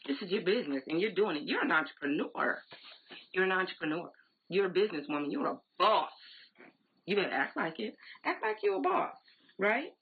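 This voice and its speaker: Woman in her 40s hyping up her sales team, husky low-ish voice, sounds like a phone line. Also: expressive, a little fast. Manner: emphatic, repetitive, conversational. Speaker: direct sales team leader. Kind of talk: motivational live-stream talk. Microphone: phone or laptop live stream. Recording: tinny phone-like audio.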